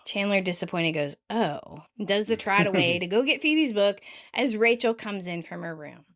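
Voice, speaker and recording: A woman's voice: mid-range voice, normal speed. A woman co-hosting a podcast, recapping an episode in casual chat, giggling often and acting out the characters' lines. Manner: giggly, acts out quoted lines in lively voices. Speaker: podcast co-host.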